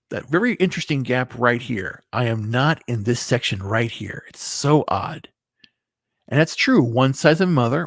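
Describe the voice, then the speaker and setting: A man's voice: mid-range voice, vocal fry, no echo, clean studio sound. A man talking casually to his viewers in a rambling opinion monologue, restarting sentences and swearing under his breath. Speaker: video commentator.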